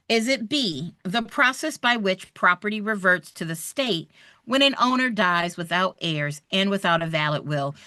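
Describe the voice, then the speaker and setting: A woman, running a live online review for a real estate exam, chatty and animated as she talks straight to her viewers. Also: medium pitch, no echo.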